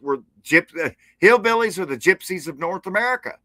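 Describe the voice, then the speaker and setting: A man's voice: sits high, animated, brisk, pushed and bright, dry recording. A man, a podcast guest talking casually in an impassioned, sardonic rant over a remote call. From Appalachia. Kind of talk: casual conversation. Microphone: remote streaming call.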